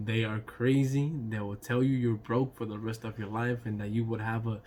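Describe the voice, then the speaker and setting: A man with an ordinary mid-range voice rambles through a storytime vlog in a loose, chatty way. He laughs between lines, swears casually and keeps checking in with "right?" and "you know". A faint hiss sits under the recording. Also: medium pitch. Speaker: YouTube storyteller.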